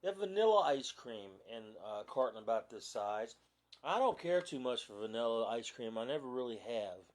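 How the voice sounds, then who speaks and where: A man's voice: mid-range voice, animated, moderate pace. A man chatting casually on a phone live video, easygoing and rambling with lots of fillers. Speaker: vlogger. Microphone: phone camera propped nearby.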